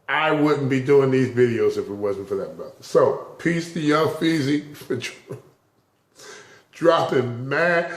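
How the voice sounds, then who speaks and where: A man with a middle-pitched voice talks casually and loosely about spiritual topics. He rambles and chuckles between his phrases. The sound bounces around an echoey room. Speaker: vlogger. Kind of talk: casual spiritual talk to camera. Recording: roomy echo.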